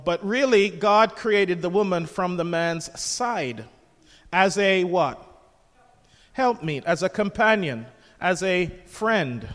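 A man's voice: high voice, long reverb tail. An older man preaching a sermon as pastor, jovial and conversational, asking the congregation questions.

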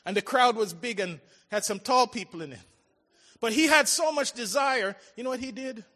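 A man preaching a sermon, swinging between loud calls and hushed, drawn-out lines. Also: very high-pitched. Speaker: pastor. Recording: large reverberant hall with faint music.

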